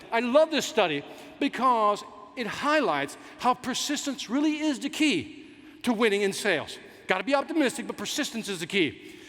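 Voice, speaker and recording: Animated high-pitched man giving a keynote. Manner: animated storytelling, self-mocking. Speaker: keynote speaker. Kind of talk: motivational keynote speech. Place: large conference hall on stage. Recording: reverberant hall with faint ambience.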